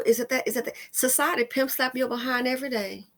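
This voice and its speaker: A woman hosting her own commentary channel, talking emphatically and with emotion, sometimes sinking into a tired hush. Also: high voice, steady tone, fast talker. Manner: emphatic, heated, sometimes drops to a weary hush. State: upset and emotional. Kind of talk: opinionated commentary monologue.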